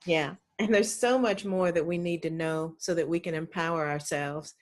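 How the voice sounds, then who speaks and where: A woman's voice: low-pitched, fairly even intonation, normal speed. A woman hosting an interview, giving short affirming responses and thanking her guest. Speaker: host.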